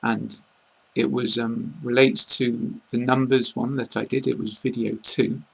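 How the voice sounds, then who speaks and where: Gravelly man with a southern English accent. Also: mid-range voice, unhurried. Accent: southern English, received pronunciation. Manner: calm, plain explaining with frequent fillers. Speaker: English teacher. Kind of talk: online lesson.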